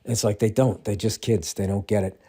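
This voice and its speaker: A man's voice: fairly low pitch, fairly even intonation, fairly quick, warm tone, slightly rough. A man in his fifties ranting alone as podcast host, a rambling storyteller who swears constantly and sounds exasperated and incredulous. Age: 50s. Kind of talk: casual solo ranting monologue.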